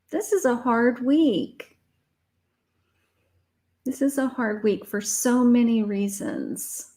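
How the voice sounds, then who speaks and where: A middle-aged woman gives a live tarot reading, unhurried and deliberate. She sounds emotional and uplifting and repeats her affirmations. Her pitch sits at an ordinary middle height. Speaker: psychic tarot reader. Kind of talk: live spiritual reading to viewers.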